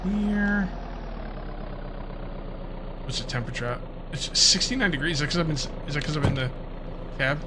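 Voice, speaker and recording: A man with a New Jersey accent talks through his game session in a relaxed, rambling way, often restarting his sentences. His voice sits a little on the high side. A steady bed of engine noise from the game runs underneath. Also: moderate pace, pauses often. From Central New Jersey. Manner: chatty, thinks aloud, frequent restarts and fillers. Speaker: gaming channel host. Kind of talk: casual let's-play commentary.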